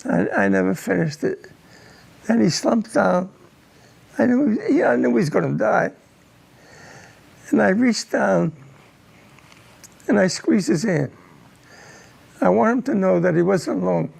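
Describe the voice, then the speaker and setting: Older male veteran interviewee; raspy, fry-heavy voice sitting high; slow, halting, repeats words as he recounts the past. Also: lively intonation, darkish tone. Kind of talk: recounting a personal war memory in an interview.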